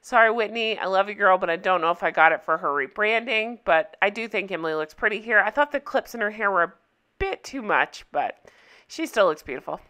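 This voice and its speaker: Woman, chatty recap vlogger, bright clear tone, gushing, talks to viewers. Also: medium pitch, expressive, fairly quick. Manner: chatty, gushing, addresses viewers as you guys. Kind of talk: casual show recap.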